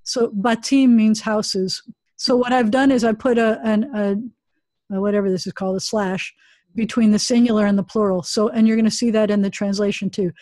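A woman's voice: mid-range voice, fairly even intonation, normal speed, a little mellow, no echo. A woman rabbi teaching a Hebrew class over a video call, chatty and self-deprecating.

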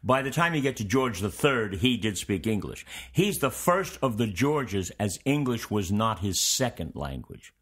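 Low-voiced man giving a rambling history lecture. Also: a little slow, hardly any pauses, husky. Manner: relaxed, meandering, conversational delivery. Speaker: history teacher and show host. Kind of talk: informal history lecture to students.

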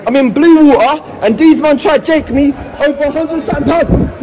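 A man with a British accent, agitated and shouting, repeating his demands insistently in a confrontation he films on his phone inside a shopping centre. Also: extremely high pitch, brisk, few pauses, background noise. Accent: British English. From Britain. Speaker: shopper stopped by store security. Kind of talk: heated confrontation, filmed himself. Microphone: phone camera held while filming.

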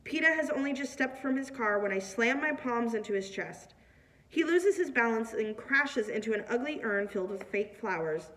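A woman's voice: on the high side, normal speed. Woman reading a novel aloud, distant mic. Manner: plain, steady reading with small slips. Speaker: reader.

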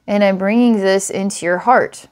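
A woman's voice: mid-range voice, normal speed, a little mellow. A woman giving a recorded psychic reading to a client, talking in an earnest, rambling way, restarting often and laughing now and then. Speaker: psychic reader.

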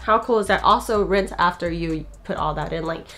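A woman's voice: on the low side, brisk, fairly bright tone. A woman in her twenties, a vlogger doing a casual gift show-and-tell at home, chatty and gushing with frequent giggles, sounding out of breath. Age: 20s. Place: home bedroom.

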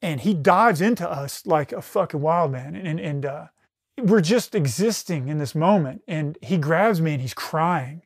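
A man's voice: a little high, lively intonation, moderate pace, dry recording, clean studio sound. A middle-aged man, a retired military rescue specialist, tells a combat story in casual conversation, swearing heavily and restarting his sentences often. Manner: intense, heavy swearing, frequent restarts.

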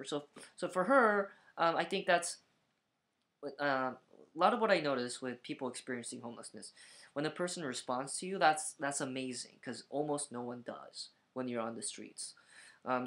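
A man's voice: a little high, a bit bright. A man talking to camera in a reflective vlog, thinking aloud with frequent restarts and fillers. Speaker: vlogger.

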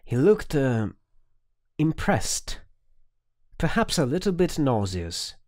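A man's voice: mid-range voice, sing-song, takes it slowly, pauses often, darkish tone, no echo, clean studio sound. A man narrating an audiobook, reading tense, dramatic scenes.

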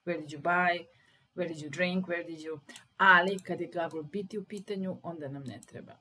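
A woman with a Serbian accent teaching English grammar, patiently stressing example sentences slowly. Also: lowish voice, fairly even intonation, bright, forceful tone, a little hiss or hum, low-quality recording.

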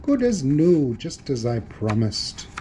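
A man's voice: mid-range voice, sing-song, slow, dark tone, slight background noise. A man voicing a genteel, unflappable cartoon panther who stays cheerful and polite.

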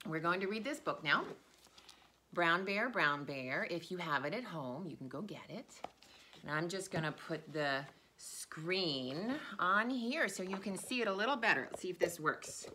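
A woman's voice: expressive, normal speed, bright, forceful tone. Sing-song day care teacher woman reading. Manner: sing-song storytime voice with big pitch leaps. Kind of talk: reading a picture book aloud to young children.

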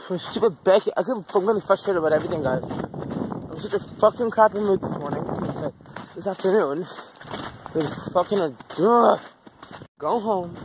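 Filming on a handheld phone, first outside in the wind, where wind noise is audible, and later at home, a frustrated man rambles through a casual vlog, swearing constantly. His voice sits high and his pace is moderate.

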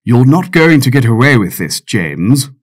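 A man's voice: mid-range voice, big pitch swings, unhurried. A man voicing a weary, dry navy captain in an audiobook, exasperated and lecturing. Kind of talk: audiobook character voice.

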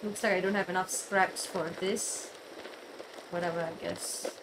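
A woman's voice: on the low side, fairly even intonation, unhurried, background noise. Jittery woman gaming. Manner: jittery, swearing, repeating words in panic. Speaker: gamer streamer. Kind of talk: let's play commentary. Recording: loud game sound behind.

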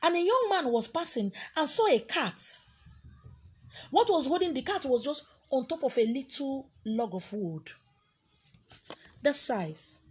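A woman's voice: high voice, big pitch swings, unhurried, long pauses, darkish tone. A Nigerian-accented woman speaking in a defiant, emphatic vlog monologue.

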